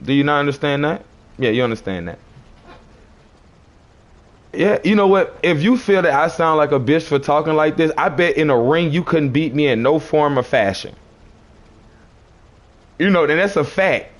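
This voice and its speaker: A man's voice: on the high side, animated, moderate pace, pauses often. A man on a livestream, arguing with chat commenters in a preachy, confrontational way and repeating his phrases.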